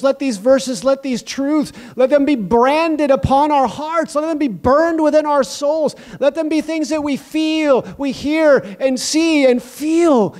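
A male preacher with a strikingly high voice delivers a sermon. He prays and preaches fervently, hammering home his points with chains of repeated phrases. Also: darkish tone. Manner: fervent, emphatic repetition of phrases. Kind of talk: sermon with prayer.

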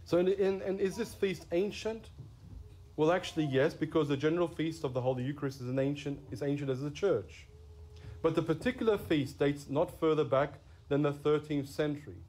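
A Catholic priest giving a sermon in an earnest way, stressing key words. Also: male voice, fairly high pitch, a little fast, a little mellow.

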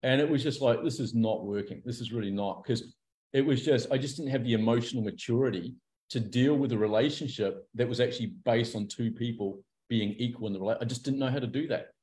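A man speaks as an interview guest, open and unguarded. He tells his stories with animation and slips into the voices of the people he describes. His voice sits at an ordinary middle pitch for a man. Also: fast. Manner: animated storyteller, acts out quoted characters. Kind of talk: candid conversational interview.

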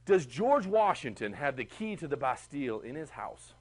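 A man teaching a history class, chatty and animated, asking the class questions. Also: medium pitch, moderate pace. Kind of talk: classroom lecture.

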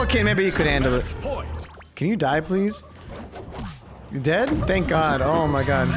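A young man giving live gameplay commentary, excitable and prone to high squeals when something delights him. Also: unhurried, pauses often, over music. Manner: excitable, swings into high squeals over cute moments. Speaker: streamer.

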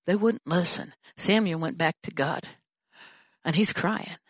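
Husky and lowish, this woman pastor speaks at a measured pace, teaching her church congregation in a conversational style. She acts out prayers and dialogue, shifting voices to play the people she describes, with no echo on the recording.

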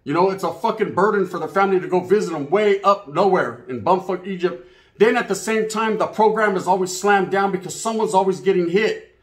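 A man's voice: high voice, fairly quick. A man telling stories in a casual monologue, heavy on street slang and swearing, acting out the voices of other people. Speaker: channel host. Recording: echoey room.

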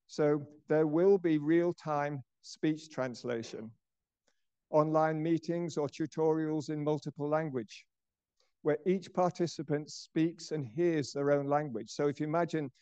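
An older man giving a lecture as a professor, explaining in a measured way and dropping softer at the ends of phrases. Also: fairly high pitch, steady tone, clear, resonant tone, no echo. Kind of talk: lecture presentation.

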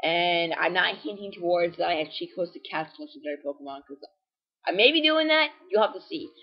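Young male gameplay commentator: lively, excitable, rambling, voice cracks, lo-fi home mic. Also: sits high, fairly quick. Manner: excitable, rambling, many fillers and self-corrections; prone to sudden voice cracks. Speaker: game walkthrough commentator.

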